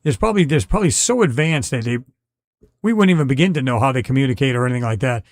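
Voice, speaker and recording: A man's voice: mid-range voice, fast talker, dry recording, clean studio sound. A middle-aged man hosting a live podcast, chatting casually and reading out viewer comments in a rambling way with many restarts.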